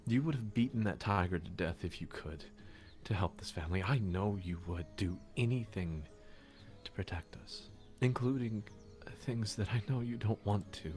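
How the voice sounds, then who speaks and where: A man voicing a worried, loving young farmer's wife who pleads in hushed whispers. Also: deep voice, close to an everyday voice.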